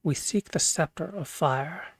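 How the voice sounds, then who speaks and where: Grand old wizard, slow and stately, dry sound, streamer-voiced. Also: mid-range voice, slightly rough, no echo. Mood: calm. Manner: grave, stately. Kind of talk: reading game dialogue aloud.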